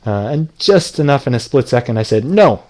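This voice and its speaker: A man's voice: medium pitch, fairly quick, background noise. A middle-aged man who teaches lucid dreaming, casually telling a dream story to an audience and acting out the lines he quotes with a raised voice.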